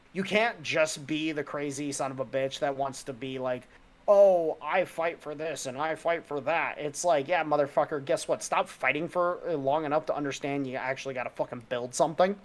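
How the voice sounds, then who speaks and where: A man's voice: on the high side, fairly bright tone. A man co-hosting a casual podcast, talking in a heated, rambling and profane way. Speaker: podcast co-host.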